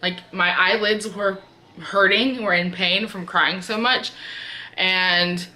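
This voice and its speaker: Bright-voiced woman telling a story. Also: medium pitch, fairly even intonation, takes it slowly. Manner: chatty, heavy use of filler words. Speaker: vlogger. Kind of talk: casual storytime.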